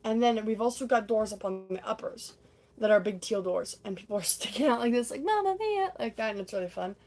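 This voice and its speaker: A woman's voice: mid-range voice, fairly even intonation, brisk, darkish tone. A young woman livestreaming, casually chatting and acting out scenes from a stage musical, breaking into sung snippets.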